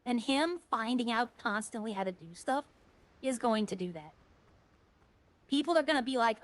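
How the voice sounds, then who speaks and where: A woman's voice: on the high side, expressive, moderate pace, long pauses, low-quality recording. A woman streamer chatting casually while playing a game, rambling and earnest, often restarting her sentences.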